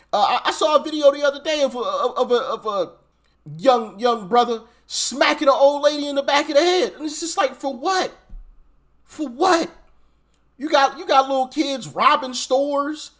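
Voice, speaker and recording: A man's voice: extremely high pitch, moderate pace, a bit bright. A man hosting a reaction video, speaking emphatically, repeating phrases and tagging sentences with "right?". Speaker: commentary host. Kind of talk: reaction commentary.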